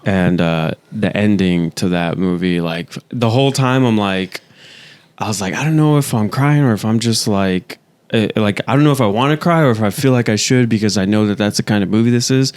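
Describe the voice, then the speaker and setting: A man's voice: fairly low pitch, fairly quick, smooth. A man in casual podcast chat, telling stories animatedly and swearing now and then. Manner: animated storytelling, swears, speeds up. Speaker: podcast guest.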